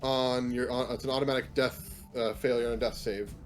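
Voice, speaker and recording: A man narrating as game master of a tabletop game, relaxed and often laughing as he rules on rolls. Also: mid-range voice, fairly quick, soft background music.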